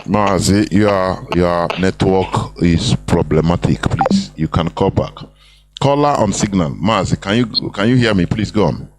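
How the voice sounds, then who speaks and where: A man's voice: deep voice, measured pace, no echo. A man hosting a call-in program, greeting callers and giving them brief cues. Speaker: host.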